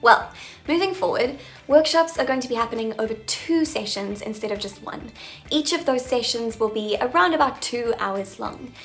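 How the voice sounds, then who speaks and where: A woman's voice: on the high side, lively intonation, moderate pace, a bit bright, faint music behind. A woman accent coach making an upbeat announcement to her viewers, with playful, jokey asides.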